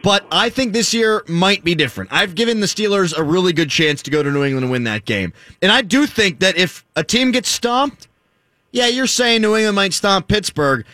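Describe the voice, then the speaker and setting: A man hosting a sports talk radio show, teasing callers in quick back-and-forth. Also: high-pitched, expressive, sharp tone, dry recording. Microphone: studio microphone.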